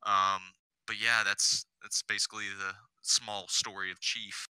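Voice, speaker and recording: A podcast guest with a fairly low voice, little pitch movement and a sharp yet clean tone speaks unhurriedly through a long, rambling story. He swears and leans heavily on fillers like "you know," heard in a dry, rough recording.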